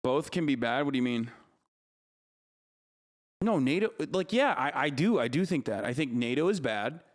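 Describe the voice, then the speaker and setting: A man's voice: medium pitch, lively intonation, moderate pace. A man streaming live, ranting heatedly about politics, cursing freely and answering his chat. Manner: heated, profane, argumentative. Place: streaming studio.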